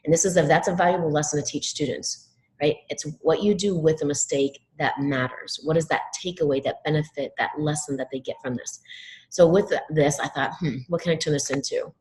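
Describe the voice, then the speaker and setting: A middle-aged woman giving a motivational talk to educators, telling animated classroom stories and acting out what students say. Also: low voice, a little fast, rough recording. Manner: animated storytelling, acts out quoted students. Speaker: education speaker.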